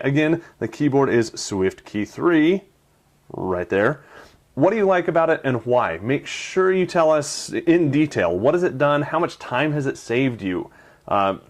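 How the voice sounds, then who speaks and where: A man hosting a tech video, narrating a product demo in an enthusiastic, chatty way. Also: mid-range voice.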